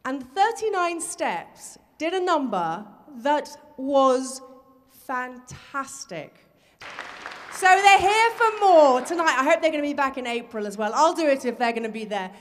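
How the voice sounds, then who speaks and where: A woman's voice: high-pitched, lively intonation, unhurried, a bit bright. A woman hosting a live charity show, chatty and effusive as she introduces the next act. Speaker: host.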